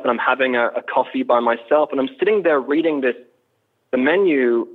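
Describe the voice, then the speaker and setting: An Australian man calling into a live show, telling a rambling story and laughing at himself. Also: mid-range voice. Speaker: caller. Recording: tinny phone line.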